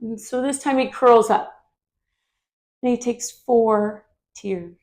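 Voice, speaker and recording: A woman teaching children's yoga through a story, gentle and asking the kids questions as she guides the poses. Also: on the high side, takes it slowly.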